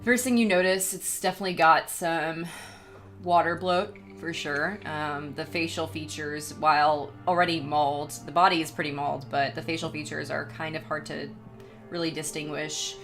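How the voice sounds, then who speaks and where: A woman narrating a tabletop horror game as game master, in a measured, descriptive way with frequent ums. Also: deep voice, fairly even intonation, a bit bright, faint music behind.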